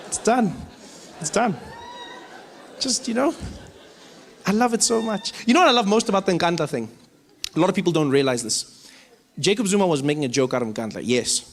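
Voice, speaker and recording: Animated South African comedian. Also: male voice, high voice, long reverb tail. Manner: animated storytelling, acting out scenes. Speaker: stand-up comedian. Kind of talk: stand-up comedy. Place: comedy stage before an audience.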